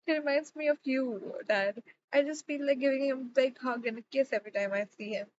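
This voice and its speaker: A woman's voice: high voice, brisk, a little mellow, lo-fi sound, a little hiss or hum, pitched above the performer's own voice, lightly acted. Woman narrator voicing an enthusiastic young woman; light audiobook read. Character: cheerful young woman, daughter.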